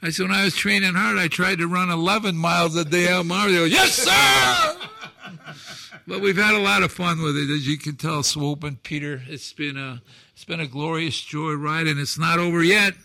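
A man in his sixties telling stories as a talk show guest, acting out dialogue with shouted quotes and emphatic delivery. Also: fairly high pitch, fairly even intonation, a little fast, vocal fry, no echo. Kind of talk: animated storytelling on a talk show.

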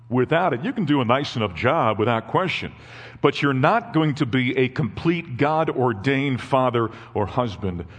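A man's voice: medium pitch, big-room sound. A man in his fifties giving a sermon as a guest speaker, telling personal family stories in a folksy way. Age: 50s. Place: church.

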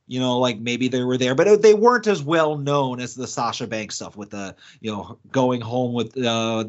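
A man co-hosting a podcast in casual chat, rambling with lots of fillers and restarts. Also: mid-range voice. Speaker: podcast co-host. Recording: dull lo-fi sound.

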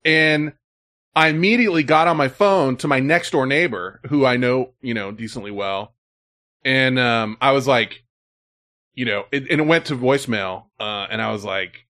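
A male live streamer with a mid-range voice tells his chat a story at a moderate pace, casual, profane and animated, with lots of "like" and "you know."

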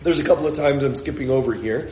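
A man's voice: medium pitch, fast, a little mellow, reverberant, slight background noise. A man preaching a sermon in a church room, reading Scripture aloud and explaining it in a conversational way, with frequent "uh"s and self-corrections.

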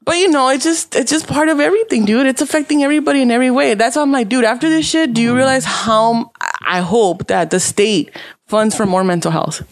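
A woman's voice: sits high, fast talker, no echo. Swearing woman telling stories. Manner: animated storytelling, swears freely, laughs often. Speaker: social worker. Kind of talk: casual chat.

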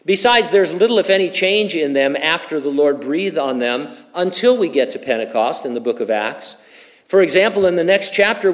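A middle-aged man preaching a verse-by-verse sermon, conversational in tone with humorous personal asides. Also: mid-range voice. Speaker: pastor. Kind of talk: expository sermon.

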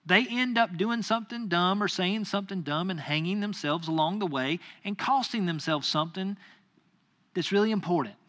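Male pastor, high bright voice, animated sermon storytelling, acts out quoted lines. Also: moderate pace.

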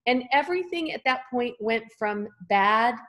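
A woman's voice: on the high side, expressive, normal speed, a bit bright. Woman around 50s telling her life story, earnest, acts out other folks' voices now and then. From California. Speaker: guest author and speaker. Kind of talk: personal testimony in a podcast interview.

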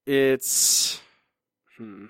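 A man's voice: medium pitch, extremely slow, a bit bright, no echo, clean studio sound. A man co-hosting a podcast in casual chat, teasing and self-deprecating as he runs a trivia game. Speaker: podcast co-host.

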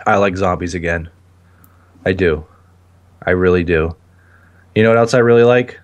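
A man's voice: sits low, normal speed, dull audio. A man hosting a casual podcast, cracking jokes and laughing often. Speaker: podcast host.

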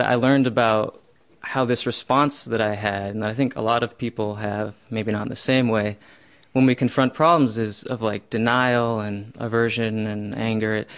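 Young male storyteller, mid-pitched, self-mocking, bursts loud when recounting his panic. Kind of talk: first-person true story.

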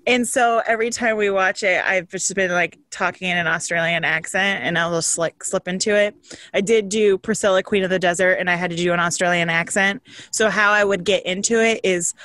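A woman co-hosting a podcast in casual chat, chatty and quick to laugh. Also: medium pitch, steady tone, bright, forceful tone, dry recording. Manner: chatty, laughs often, trails off. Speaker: podcast co-host.

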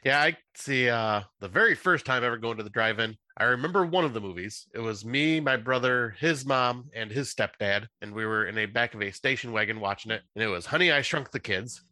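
A man's voice: medium pitch, brisk, hardly any pauses, pushed and bright, no room sound. A man in his thirties, co-hosting a podcast in easygoing, rambling casual chat. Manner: easygoing, rambling, lots of uh fillers. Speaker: podcast co-host.

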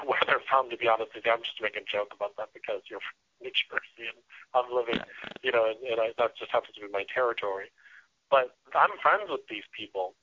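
An earnest man speaking as a radio guest, his voice bright and forceful. He often restarts his sentences and fills pauses as he explains. The sound is dry and a little dull, with a lo-fi feel. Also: mid-range voice, no echo. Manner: earnest, with frequent restarts and fillers. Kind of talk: casual interview talk.

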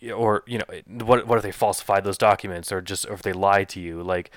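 A man co-hosting a podcast who talks in rapid, animated bursts with many fillers and asides. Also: deep voice, no echo, studio quality. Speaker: podcast co-host. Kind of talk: casual podcast chat.

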